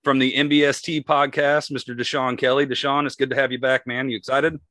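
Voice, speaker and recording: A man's voice: medium pitch, flat delivery, a little fast, bright, forceful tone, dry recording. A man hosting a podcast, upbeat and laughing often as he introduces his guests. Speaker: podcast host. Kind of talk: casual chat.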